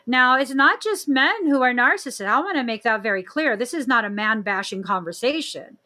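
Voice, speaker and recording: A young woman hosting a podcast in casual chat, expressive, with frequent laughs and exclaimed reactions. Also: a little high, a little fast. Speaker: podcast host.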